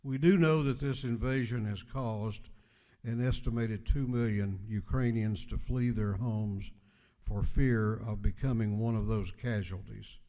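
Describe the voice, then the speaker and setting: A man, speaker of a state legislature, delivering a formal floor speech with measured, emphatic delivery. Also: on the low side, steady tone, mellow. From United States. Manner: measured, emphatic oratory with deliberate pauses. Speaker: legislative speaker presenting a resolution. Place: state house chamber. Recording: reverberant legislative chamber.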